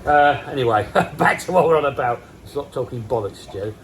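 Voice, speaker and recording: A man's voice: mid-range voice, animated, moderate pace, a little hiss or hum, low-quality recording. Rambling man in his fifties. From England. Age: 50s. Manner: chatty, rambling, self-mocking, swears casually. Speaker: koi pond vlogger. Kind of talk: rambling casual vlog. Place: outdoors by a garden pond.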